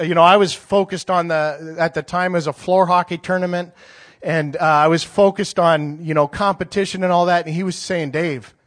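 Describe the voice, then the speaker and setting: A man in his forties preaching a sermon and telling a story in a conversational, rambling way, with many restarts. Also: a little high.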